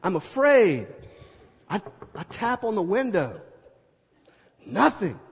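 Middle-aged male preacher, high husky voice, lively storyteller, echoing hall. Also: slow pace. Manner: animated, acts out scenes with sound effects. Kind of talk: storytelling sermon.

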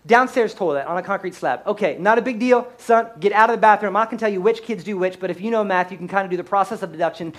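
A man who is a pastor, telling a comedic story in a sermon in a high-strung, animated way. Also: fast talker, few pauses.

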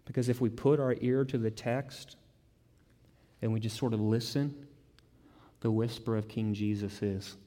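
A man's voice: mid-range voice, fairly even intonation, measured pace, long pauses, mellow. A man preaching a sermon, emphatic, piling up repeated words and rising into bursts. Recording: long hall reverb.

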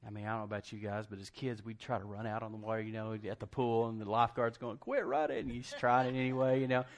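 Animated preacher. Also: male voice, lowish voice, quick pace. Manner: animated storytelling, laughs often, acts out quotes; folksy, conversational preaching. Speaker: pastor. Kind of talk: sermon.

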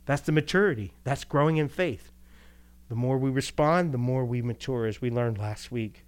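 A male pastor delivering a conversational sermon, animated, asking rhetorical questions and chuckling between points. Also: mid-range voice, moderate pace, smooth.

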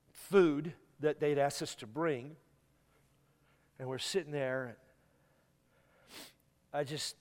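A man's voice: mid-range voice, darkish tone. Tearful man preaching in a reverberant hall. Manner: halting, repeats words when moved. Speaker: guest pastor. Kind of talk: emotional sermon storytelling.

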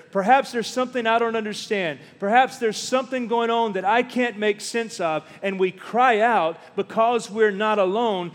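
A middle-aged man preaching a sermon, telling stories and slowing down to stress key words. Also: high-pitched. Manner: storytelling preacher, slows down for emphasis. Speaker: pastor. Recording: long hall reverb.

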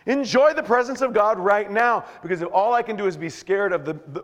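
A male pastor preaching a sermon, swinging from hushed, slow words to shouted bursts. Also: high voice, expressive, long reverb tail.

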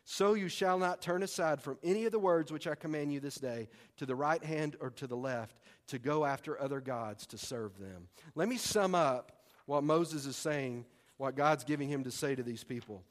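A man preaching a sermon in a folksy, excitable way, breaking into sudden loud bursts. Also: fairly high pitch, moderate pace. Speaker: pastor. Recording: long hall reverb.

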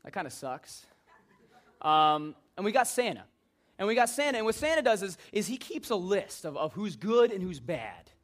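A man's voice: sits high, sing-song, moderate pace. A man preaching an informal sermon in a joking, conversational way.

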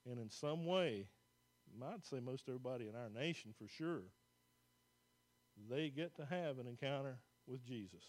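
A pastor, preaching a folksy, plain-spoken sermon to a church congregation. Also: male voice, medium pitch, darkish tone.

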